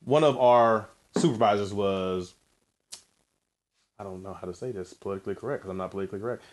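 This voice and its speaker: A man co-hosting a podcast in casual chat, blunt and profane, jumping in with quick reactions. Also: on the low side. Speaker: podcast co-host.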